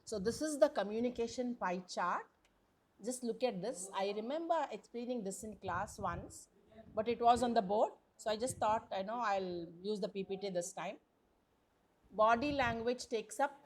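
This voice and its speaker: A woman lecturer, teaching a college class over a video call in a chatty way, often asking the students questions. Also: fairly high pitch. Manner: chatty, repeats words, asks the class questions. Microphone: computer mic on a video call.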